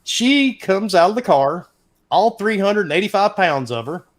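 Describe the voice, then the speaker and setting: A man's voice: sits high, normal speed. Chatty middle-aged man. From American South. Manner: animated, profane, chatty anecdote-telling. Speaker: podcast host. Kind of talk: casual storytelling.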